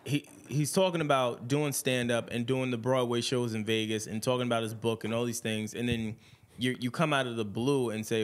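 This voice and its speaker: A man's voice: medium pitch, fairly quick. A man co-hosting a podcast in casual chat, telling stories animatedly and mimicking people. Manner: animated storyteller, mimics people while laughing. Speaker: podcast co-host.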